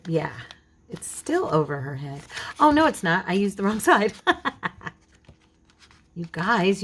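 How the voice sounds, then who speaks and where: A woman hosting a casual crafting tutorial, chatting and talking to herself as she works, with a frog in her throat that keeps her clearing it. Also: fairly low pitch, a little hiss or hum. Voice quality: chatty, talks to herself while working. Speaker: craft channel host.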